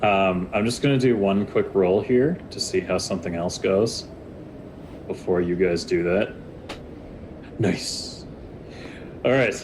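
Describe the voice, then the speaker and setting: A man's voice: sits low, steady tone, moderate pace, noisy background. A man narrating a tabletop game as game master, telling the scene loosely and rambling over voice chat.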